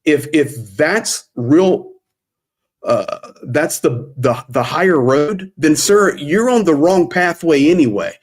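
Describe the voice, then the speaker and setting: A man's voice: on the high side, lively intonation, slow pace. An American man talking on a video call, fervent and preachy, repeating himself for emphasis. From United States. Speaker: aid volunteer guest. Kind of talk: impassioned panel talk.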